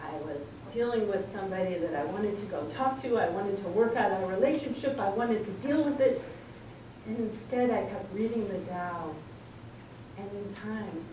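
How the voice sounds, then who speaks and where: A woman's voice: medium pitch, normal speed. A middle-aged woman giving a personal spiritual talk, telling stories and acting out dialogue. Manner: storytelling, acts out dialogue. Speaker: spiritual speaker. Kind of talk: sermon-style personal talk. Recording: echoey room from far off, faint noise.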